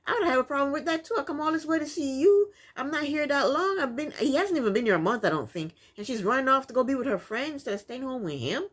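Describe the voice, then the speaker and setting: A woman giving a casual reality TV recap with a sassy, exasperated edge. Her voice sits a little higher than most and swings widely as she talks. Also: animated, fast talker, hardly any pauses. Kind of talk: casual commentary.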